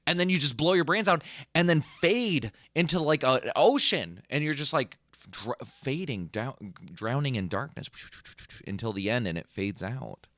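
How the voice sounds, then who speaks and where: Animated, rambling young man. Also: mid-range voice, normal speed, no echo, clean studio sound. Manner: rambling and animated, full of "like", mimics riffs with "bum" and "dun" sounds. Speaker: podcast co-host and band singer. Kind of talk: casual chat.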